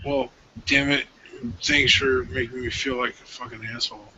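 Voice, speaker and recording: A blunt man swears freely in casual podcast talk. His voice is very bright and sharp. A faint hiss sits under the lo-fi call audio. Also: mid-range voice, little pitch movement, normal speed. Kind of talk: casual chat.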